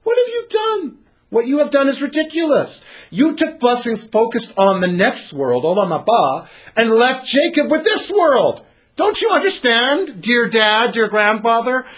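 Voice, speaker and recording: A man voicing Esau's family, scolding and incredulous, in a raised, husky voice. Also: very high voice, very animated, a little slow, a bit bright, pitched above the performer's own voice, heavily acted. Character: Esau's exasperated family, grown men and women.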